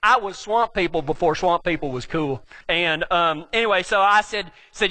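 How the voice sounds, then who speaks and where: A man with a West Texas drawl preaches in a high voice, wandering through cowboy yarns with plenty of jokes. His tone is bright and forceful, and his speech is packed with ranch slang. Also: expressive, normal speed. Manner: folksy, rambling, joking, with cowboy slang. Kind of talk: storytelling sermon to a live audience.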